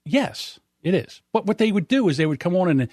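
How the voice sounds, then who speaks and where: A man's voice: high-pitched, fairly quick, dry recording, studio quality. A man in his fifties hosting a podcast in casual chat, telling stories with lots of animation and acting out what other people said. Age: 50s. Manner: animated storyteller, acts out others' lines. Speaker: podcast host.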